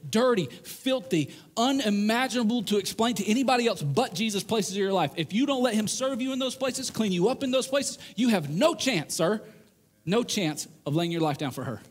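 A man with a high, light voice preaches an earnest sermon to a room of men. He is animated and acts out the voices he quotes. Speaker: pastor.

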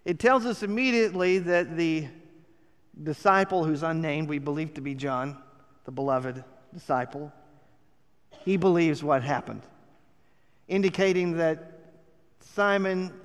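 A man delivers a sermon in an earnest storytelling manner, building to emphatic points. His voice sits a little high and sounds smooth and resonant. The sound carries a long hall reverb. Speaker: preacher.

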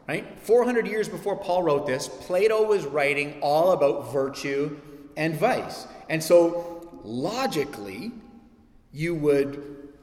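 A pastor delivers a sermon in a church sanctuary, his slightly high voice echoing through the hall with long reverb. He preaches with animation and acts out the voices of people he quotes.

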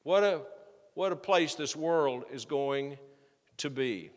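A fairly high-voiced man preaching to his congregation, reading verses in old wording and then unpacking them in everyday speech. His words ring out with a long reverb in the church sanctuary. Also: slow. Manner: reads scripture aloud then explains it plainly, with restarts. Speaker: pastor. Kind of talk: expository sermon.

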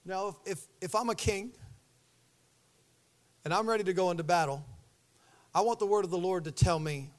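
A pastor preaching a sermon, telling the story with animated energy and acting out the voices. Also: male voice, high-pitched, normal speed, pauses often.

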